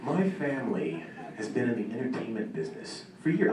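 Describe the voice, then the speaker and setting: A man's voice: medium pitch, sing-song, fairly quick, darkish tone. Man telling self-mocking stories in an echoey hall. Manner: self-mocking storytelling, laughing. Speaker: hall of fame inductee. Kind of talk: after-dinner acceptance speech. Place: country club banquet room. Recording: echoey hall from far off, ambient noise.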